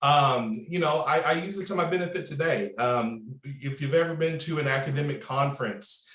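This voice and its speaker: Animated Southern Indiana man in his thirties. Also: a little high, moderate pace, reverberant. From Southern Indiana, USA. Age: 30s. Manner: animated, drawling, repeats words when starting. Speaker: panelist. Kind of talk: panel discussion storytelling.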